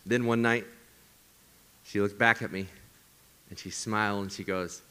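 Lower-voiced male pastor preaching with hushed drops. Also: fairly even intonation, normal speed, a little hiss or hum. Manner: emphatic preaching that drops to hushed, breathy whispers for effect. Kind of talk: sermon. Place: church service streamed to viewers at home.

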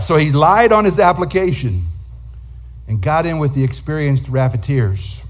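Male guest preacher, husky tone, animated sermon storyteller. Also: a little high, a little slow. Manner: animated storyteller acting out quotes.

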